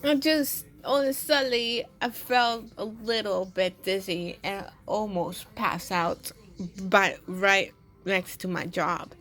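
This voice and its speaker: Slow, rambling young woman telling a story. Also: mid-range voice, a bit bright, soft background music. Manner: rambling, with many restarts and repeated words. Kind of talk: casual personal storytime.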